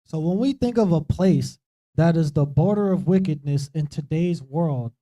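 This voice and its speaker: A man's voice: a little high, moderate pace, dark tone. A man leading an informal Bible study, talking conversationally and often checking in with "right?". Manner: conversational, keeps asking "right?". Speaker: preacher. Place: streamed church talk show.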